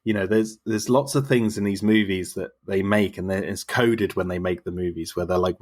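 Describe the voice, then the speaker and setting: Husky man rambling on film theories. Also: low-pitched, moderate pace, few pauses, darkish tone. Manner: enthusiastic, rambling film analysis. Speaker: podcast guest. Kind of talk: casual chat.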